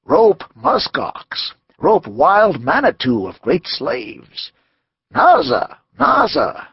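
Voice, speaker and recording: A male narrator voicing a good-natured old buffalo hunter who boasts in slow, emphatic broken speech. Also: on the high side, wildly swooping pitch, breathy edge, no echo, lo-fi sound, pitched above the performer's own voice, full character voice. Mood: boastful.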